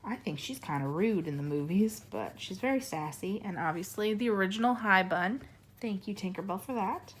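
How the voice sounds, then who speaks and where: A woman's voice: medium pitch, lively intonation, moderate pace, slightly rough. Chatty young woman, losing her voice. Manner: rambling, chatty, easily sidetracked. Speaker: coloring channel host. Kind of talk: casual chat while coloring. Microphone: camera on a monopod.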